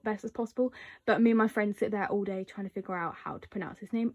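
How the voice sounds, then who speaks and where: A young woman vlogger chatting casually as she shows her collection, often laughing and filling pauses with um and like. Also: on the high side, darkish tone.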